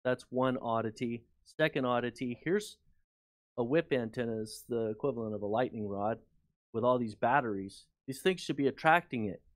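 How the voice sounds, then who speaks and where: A man's voice: medium pitch, normal speed, dry recording, clean studio sound. A man, a guest author and researcher, telling a long anecdote in a casual, rambling way with many fillers. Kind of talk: casual storytelling in an interview.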